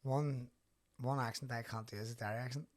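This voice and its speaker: A man's voice: medium pitch, fairly even intonation, a little fast. A man with a thick Belfast accent hosting a podcast, telling stories in a loose, swearing, laughing way. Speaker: podcast host. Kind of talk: casual chat.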